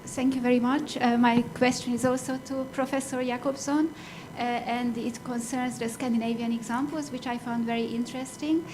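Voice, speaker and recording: A woman in a lecture hall audience politely asking a panelist a question, halting with fillers. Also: on the high side, steady tone, noisy background. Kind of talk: conference Q&A question.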